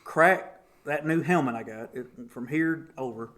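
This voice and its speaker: A man's voice: medium pitch, unhurried. A man, a guest on a podcast, telling a story in casual chat, often laughing and acting out the voices of the people in it. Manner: animated, laughs often while telling stories; acts out voices of people in his stories.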